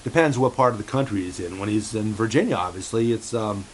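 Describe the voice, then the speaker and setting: A man hosting a home-made show in a rambling, halting way, full of fillers and restarts, passing on what his cat supposedly says. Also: fairly low pitch, slight background noise, low-quality recording. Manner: halting, many fillers and restarts, relays a cat's remarks. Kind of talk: rambling casual monologue.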